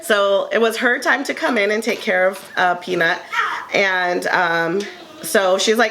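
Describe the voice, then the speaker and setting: A woman co-hosting a casual table talk, telling a heartfelt personal story in an earnest way with many pauses and ums. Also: medium pitch, a bit bright, a little hiss or hum. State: tearful at moments. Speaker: panel co-host sharing her story.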